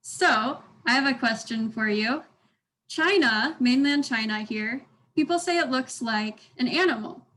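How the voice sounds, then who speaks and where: A woman's voice: fairly high pitch, unhurried, fairly bright tone, low-quality recording. Upbeat young woman teaching over video call. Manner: upbeat, encouraging, demonstrates tones aloud. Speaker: language workshop instructor. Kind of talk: online language lesson.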